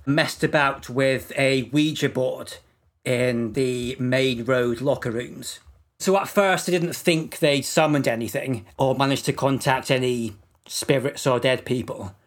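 Brief: male podcast co-host, mid-pitched, dry deadpan storyteller. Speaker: podcast co-host presenting facts. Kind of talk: casual comedic podcast chat.

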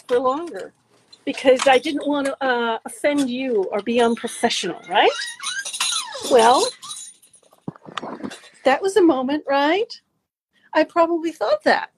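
A woman coaching listeners through a guided talk, animated and swooping her pitch up and down to demonstrate. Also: unhurried, long pauses, background noise. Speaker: dating and mindfulness coach.

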